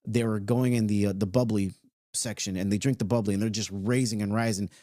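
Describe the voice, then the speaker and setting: A man's voice: lowish voice, steady tone, a little fast, warm tone, no echo, studio quality. A man giving a loose, conversational motivational talk, now and then swearing and stretching out words. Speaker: self-help speaker.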